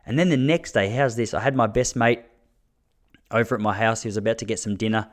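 A man in his thirties with an Australian accent, a comedian and podcast host telling stories in a casual monologue, animated and chatty with frequent restarts. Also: lowish voice, a little fast.

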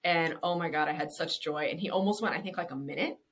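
A woman's voice: low-pitched, quick pace. A woman in her thirties, a business owner interviewed on a podcast, talks candidly, swears freely and laughs often. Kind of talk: casual interview.

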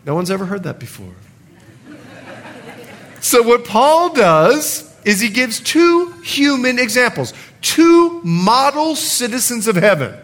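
Lively, high-voiced male preacher. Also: takes it slowly. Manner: animated preaching with emphatic scripture reading. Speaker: pastor. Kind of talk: sermon.

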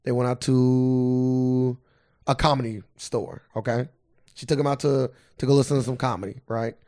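A man co-hosting a podcast, telling an animated story in casual banter, swearing freely. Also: mid-range voice, moderate pace. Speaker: podcast co-host.

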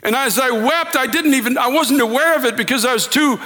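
Brief: male preacher, impassioned sermon, high bright tone, big reverberant hall. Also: fairly quick. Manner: impassioned, builds to shouting.

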